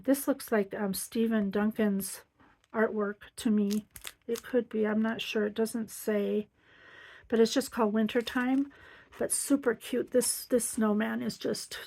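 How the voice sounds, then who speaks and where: In a casual show-and-tell of her craft supply haul, a middle-aged crafting vlogger gushes and says um a lot. She sounds a little high and warm, though the recording quality is rough.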